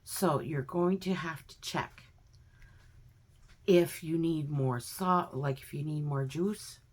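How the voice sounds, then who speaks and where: A woman's voice: low-pitched, takes it slowly, darkish tone. A woman at home in her kitchen, giving a chatty, homey step-by-step cooking demonstration with plenty of fillers. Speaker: home cook vlogger.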